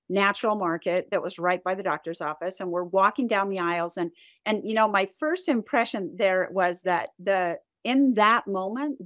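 Animated middle-aged woman telling her story. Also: medium pitch, dry recording, clean studio sound. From United States and Canada. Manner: animated, acts out quoted lines in her story. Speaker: company founder, guest. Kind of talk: interview storytelling.

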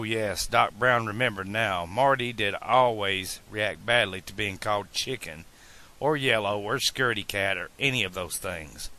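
Bright-voiced man reading an audiobook. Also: fairly low pitch. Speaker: audiobook narrator. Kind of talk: amateur audiobook narration.

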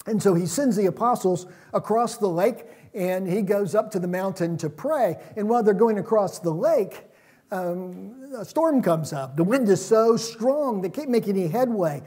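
A man preaching a sermon in a church, retelling stories in a relaxed, conversational way. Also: high-pitched, normal speed, breathy edge.

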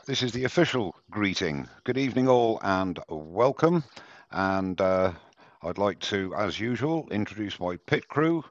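Male host, very low voice, dull dry headset sound, rambling and self-mocking. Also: dry recording. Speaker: host of a live woodturning demo. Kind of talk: casual live-stream chat.

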